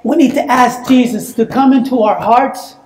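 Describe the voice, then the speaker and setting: A woman preaching a sermon in a church, telling a personal story in an animated way that breaks into shouts and laughter. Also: a little high, moderate pace, echoey room. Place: church sanctuary.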